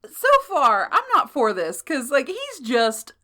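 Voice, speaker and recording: A woman's voice: high-pitched, wildly swooping pitch, slow pace, pushed and bright. A woman co-hosting a podcast, reacting with wry remarks and frequent laughter in casual chat. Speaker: podcast co-host.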